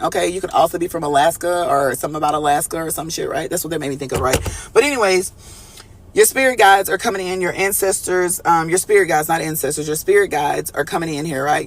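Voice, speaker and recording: A man's voice: fairly high pitch, fairly bright tone. A man giving a live collective tarot reading in a casual, profane, chatty way, calling his viewers y'all and answering their chat comments. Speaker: tarot reader.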